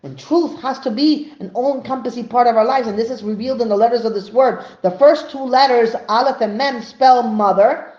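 A woman with a fairly high voice teaches an earnest religious lesson, pressing her points with emphasis. The sound is dull and muffled, with an echoey room around her. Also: fairly quick, darkish tone. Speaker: Torah teacher.

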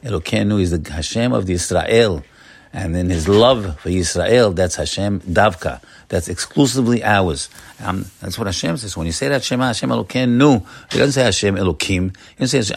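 A man's voice: fairly low pitch, moderate pace, vocal fry, husky. A man giving a Torah sermon, reciting Hebrew verses and explaining them with earnest, repetitive phrasing as he builds each point. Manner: earnest, repeats words while building to points; addresses listeners as friends. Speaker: religious teacher.

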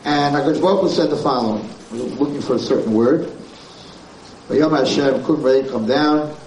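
A man's voice: mid-range voice, normal speed, a little mellow. A man, a rabbi giving an informal Torah class, talking emphatically, repeating his points and mixing in Hebrew terms. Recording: roomy, distant, faint background noise.

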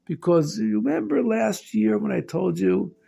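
A man's voice: high-pitched, animated, normal speed, vocal fry, mellow, husky, voice pushed up, exaggerated voice. A man voicing a frantic, worried father who exclaims in alarm and relief. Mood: relieved, excited. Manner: anxious, exclaiming.

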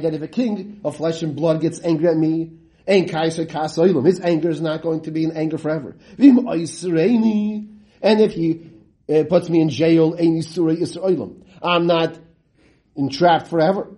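A man teaches a Talmud lesson in a mellow, somewhat high voice. He reads the Aramaic text and translates it as he goes. He keeps asking his listeners rhetorical questions, with big dramatic swings in pitch.

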